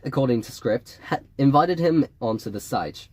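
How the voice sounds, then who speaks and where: A man reading an audiobook in a wry, measured storytelling manner. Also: on the low side, animated, a little mellow, dry recording. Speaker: audiobook reader. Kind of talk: audiobook narration.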